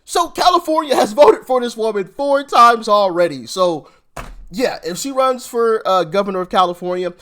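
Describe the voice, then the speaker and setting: A man's voice: high-pitched, animated, normal speed, a bit bright. A man hosting casual reaction commentary, asking rhetorical questions in disbelief. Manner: incredulous, repetitive rhetorical questions. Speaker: commentary channel host.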